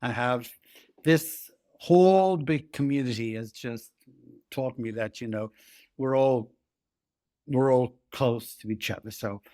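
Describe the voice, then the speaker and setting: Man, host, mid-range voice, gentle, hesitant, dry close sound. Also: mid-range voice, dry recording. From born in Belgian Congo. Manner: gentle and halting, trails off softly. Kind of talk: casual conversation.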